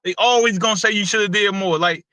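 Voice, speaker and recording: High, bright-voiced man talking boxing. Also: quick pace, no room sound, rough recording. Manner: loose, repetitive, slangy and opinionated. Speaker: boxing podcast host. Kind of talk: casual boxing talk.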